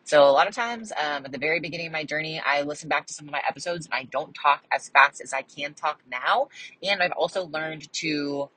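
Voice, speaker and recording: A young woman talks to her listeners in a casual solo podcast. Her voice sits low and carries a husky edge. She chats in a bubbly way, leans on fillers, and still takes care to pronounce each word crisply. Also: a little fast, sharp tone, no echo, low-quality recording. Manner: bubbly, chatty, lots of fillers. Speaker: podcast host.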